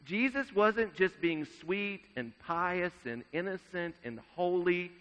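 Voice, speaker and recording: A man preaching a sermon in a measured way, dropping his voice to a hush at solemn moments. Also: sits high, lively intonation. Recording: dull sound with long reverb in a large hall.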